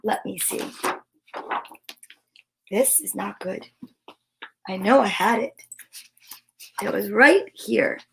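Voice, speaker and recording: A woman's voice: mid-range voice, slow, gravelly, pauses often, fairly bright tone, slight background noise. A woman hosting a storytime, reading a fairy tale aloud with playful chatty asides. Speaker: storyteller host. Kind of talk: children's read-aloud.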